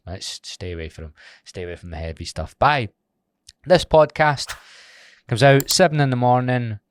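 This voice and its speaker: A man's voice: lowish voice, dry recording, clean studio sound. A Scottish man in his twenties with a Glasgow accent, hosting a casual podcast chat, joking, teasing and swearing freely. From Scotland. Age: 20s. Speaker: podcast host.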